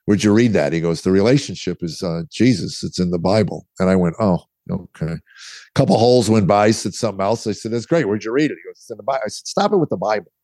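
A man's voice: lowish voice, lively intonation, fast, a little mellow, no echo. A middle-aged man, a guest author, telling his story candidly in conversation and acting out the dialogue he quotes. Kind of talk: interview storytelling.

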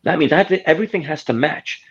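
A man's voice: fairly high pitch, animated, fast talker, slightly rough, highs cut off. A man being interviewed as a guest author, explaining his work through stories and quoted examples. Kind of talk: conversational interview.

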